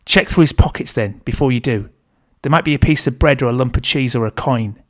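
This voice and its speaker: A man's voice: medium pitch, fairly quick, close to an everyday voice. A man voicing a crotchety, bossy old grandmother who barks orders at her family in a read-aloud story. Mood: scolding. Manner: barking, scolding.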